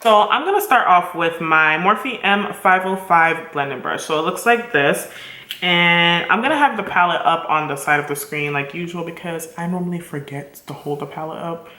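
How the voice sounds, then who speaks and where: A woman's voice: on the low side, moderate pace, sharp tone. A woman chatting enthusiastically to her viewers while doing a makeup tutorial, speaking to them directly. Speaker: beauty vlogger. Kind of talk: casual makeup tutorial chat. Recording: echoey room.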